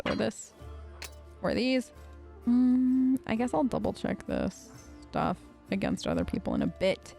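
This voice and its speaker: A woman's voice: medium pitch, vocal fry, a little mellow. A woman hosting a let's play, casually thinking aloud and chatting as she plays. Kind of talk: casual gameplay commentary.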